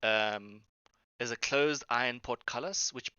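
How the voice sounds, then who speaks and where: Bright-voiced man running a tabletop game. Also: mid-range voice, measured pace, clean tone, no echo, lo-fi sound. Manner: hesitant, with fillers and restarts while describing. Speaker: game master.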